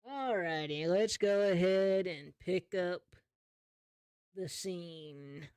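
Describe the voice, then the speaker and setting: A man running a tabletop game as game master, narrating in an easygoing, slow descriptive way. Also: sits high, a little mellow, smooth, no echo.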